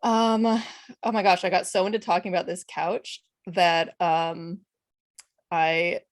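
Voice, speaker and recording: A woman's voice: lowish voice, fairly even intonation, measured pace, dry recording, clean studio sound. A woman moderating a casual stream panel, chatty and rambling with plenty of laughter.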